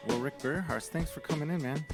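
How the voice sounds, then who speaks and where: A man hosting a casual interview podcast, halting and searching for words as he asks questions. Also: on the high side, big-room sound, loud music behind the voice. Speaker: podcast host and photographer. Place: studio.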